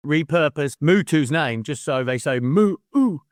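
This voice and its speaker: A man's voice: medium pitch, expressive, moderate pace, no room sound, clean studio sound. A man co-hosting a casual podcast about a book, swearing freely and laughing partway through sentences. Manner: swears freely, laughs mid-sentence, mimics people in quotes. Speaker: podcast co-host. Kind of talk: casual book-club chat.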